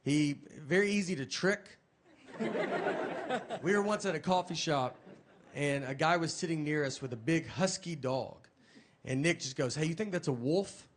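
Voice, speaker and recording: Deadpan man telling stand-up stories. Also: fairly high pitch, measured pace, long pauses. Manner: dry, deadpan storytelling with a laughing crowd. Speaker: stand-up comedian. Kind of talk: stand-up comedy set. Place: comedy stage before a live audience. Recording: live audience noise behind. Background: audience laughter.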